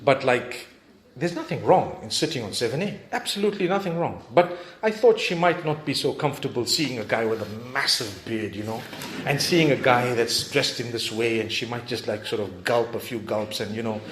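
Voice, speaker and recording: A man's voice: mid-range voice, lively intonation, normal speed, fairly bright tone. A male preacher telling a story in a sermon, talking conversationally and animatedly, with frequent asides to his audience. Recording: echoey hall, faint background noise.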